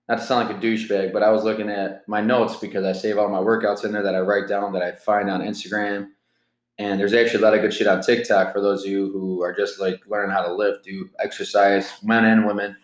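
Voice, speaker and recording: Rambling, profane young man in an echoey room. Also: on the low side. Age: 20s. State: jittery from caffeine. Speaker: podcast host. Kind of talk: casual solo podcast monologue.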